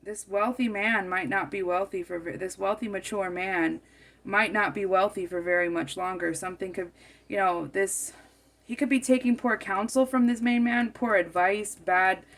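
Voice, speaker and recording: A woman reads tarot cards aloud in a loose, musing monologue. Her voice carries a gravelly fry, and she circles back to repeat and rephrase her words as she works through the spread. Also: mid-range voice, steady tone, a little slow, fairly bright tone. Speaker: tarot card reader.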